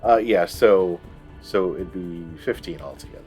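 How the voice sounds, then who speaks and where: A man running a tabletop game as game master, explaining rules and narrating in a relaxed way with many fillers. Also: sits low, normal speed, soft background music.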